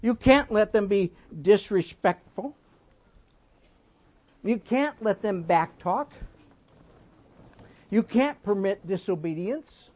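A sixty-something man delivers a sermon with a naturally high voice. He tells folksy stories and moves between emphatic exhortation and quiet, gentle asides. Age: 60s. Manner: folksy storytelling, swinging between emphatic and soft. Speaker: pastor.

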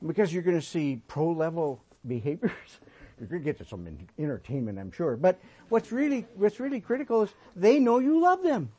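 A sixty-something man delivers a sermon with a naturally high voice. He tells folksy stories and moves between emphatic exhortation and quiet, gentle asides. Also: very animated, brisk, husky. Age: 60s. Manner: folksy storytelling, swinging between emphatic and soft. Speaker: pastor.

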